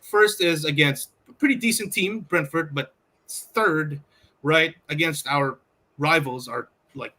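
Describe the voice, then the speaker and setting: A man co-hosting a casual football podcast, excitable and rambling with lots of fillers. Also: a little high, measured pace. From outside the US. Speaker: podcast co-host. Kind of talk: casual sports chat.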